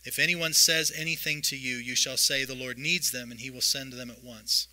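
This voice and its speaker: A man preaching a sermon, reading scripture aloud and retelling the stories in a lively way. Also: medium pitch, normal speed, rough recording. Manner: lively storytelling, reads scripture aloud with voiced asides. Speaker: pastor.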